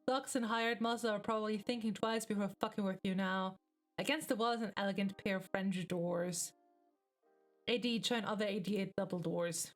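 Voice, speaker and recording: Woman streamer, mid-pitch voice, casual webcomic read-aloud with laughing, swearing asides, faint music underneath. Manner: reads in a measured voice, breaks into laughing, swearing reactions. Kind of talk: casual live reading of a webcomic.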